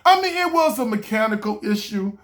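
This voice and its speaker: A man's voice: high-pitched, fairly quick. A man from the Los Angeles area, casually telling a story in a rambling way, often saying "you know". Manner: animated, jumps into loud excited quoted voices. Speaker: vlogger.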